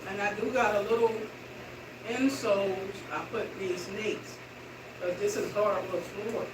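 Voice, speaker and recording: A middle-aged woman vlogging in casual chat to her viewers while slowly walking and exercising indoors. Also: mid-range voice, steady tone. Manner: chatty, slow walking while talking. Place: indoor room with hardwood floor. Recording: roomy, distant and noisy room sound.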